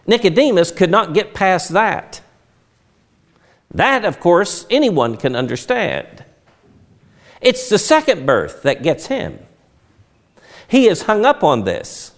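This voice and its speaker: Male preacher, sermon, lively swooping intonation, slightly high voice, emphatic. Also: vocal fry. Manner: emphatic, expressive delivery with sudden drops in volume.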